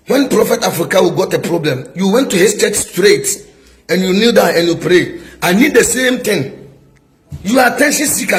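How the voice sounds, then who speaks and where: A middle-aged prophet with a Ghanaian English accent and a high-pitched voice scolds a rival in a heated video response. He fills it with rhetorical questions.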